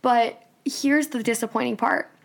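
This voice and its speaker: A woman's voice: fairly even intonation, a little slow, vocal fry. A young woman co-hosting a podcast, telling a story in casual chat and often quoting people. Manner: chatty storyteller, quotes people in a higher voice. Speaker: podcast co-host. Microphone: studio microphone.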